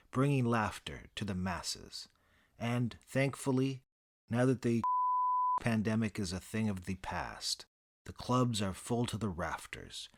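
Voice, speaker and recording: A man narrating a comic first-person story in a dry, deadpan, boastful manner. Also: lowish voice.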